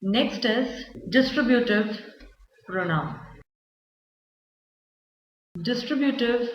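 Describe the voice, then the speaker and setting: A woman gives a classroom grammar lesson. She explains slowly and repeats her examples, with fillers here and there. The recording is roomy and echoey, with a dull, lo-fi sound. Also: a little high, expressive, a little hiss or hum. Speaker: teacher.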